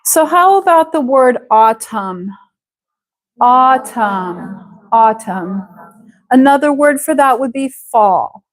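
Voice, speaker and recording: A high-pitched, animated female teacher comes through on a rough recording. During her live online English class she talks slowly and patiently, elongating words to model pronunciation.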